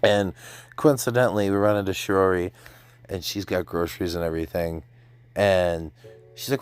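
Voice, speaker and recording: A man casually recapping an anime episode, chatty and excited, slipping into quick voices for the characters. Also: low voice, smooth, dry recording. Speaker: anime reviewer.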